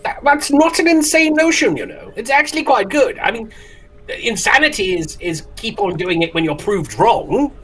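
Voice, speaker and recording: A man's voice: very high voice, expressive, moderate pace, fairly bright tone, soft background music, pitched above the performer's own voice, full character voice. A man voicing an eccentric, curious tabaxi scholar who rambles and stammers with fussy enthusiasm. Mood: chatty.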